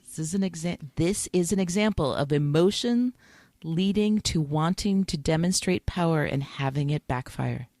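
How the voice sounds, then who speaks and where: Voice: medium pitch, expressive, normal speed, a little mellow, no room sound. A podcast co-host in casual chat, retelling TV scenes with a lot of emotion. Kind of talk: casual chat about a TV episode.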